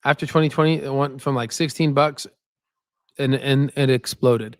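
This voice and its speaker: In studio-quality audio with no echo, a man with a mid-range voice speaks at a moderate pace with fairly even intonation. He hosts a stock market livestream, wandering casually through viewer comments and often slipping in "right?" as a filler.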